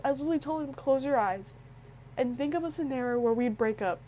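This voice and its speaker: A woman's voice: high voice, a little fast, dark tone, low-quality recording. A young woman vlogger telling an emotional personal story in a rambling way, often restarting her sentences. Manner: emotional, rambling, with frequent restarts and quoted dialogue.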